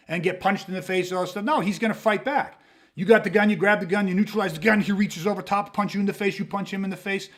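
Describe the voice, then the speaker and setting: A man with a high-pitched voice hosts a self-defense podcast in casual talk. He speaks bluntly and emphatically, swears freely, and acts out scenarios as he explains. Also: fast.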